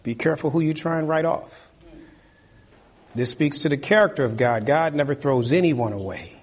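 A man's voice: a little high, normal speed, slightly rough. A man preaching a sermon, exhorting his listeners and hammering home key phrases through repetition.

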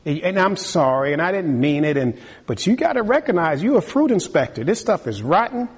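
A man preaching a sermon with a husky voice, lively and acting out other people's voices. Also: fairly high pitch, fairly quick. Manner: animated, acts out voices of tempters and the king. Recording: long hall reverb.

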